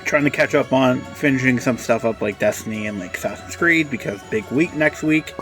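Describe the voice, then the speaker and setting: A man's voice: medium pitch, a little fast, over music. A man co-hosting a podcast, chatting casually and hesitantly, with lots of fillers. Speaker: podcast co-host. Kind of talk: casual chat.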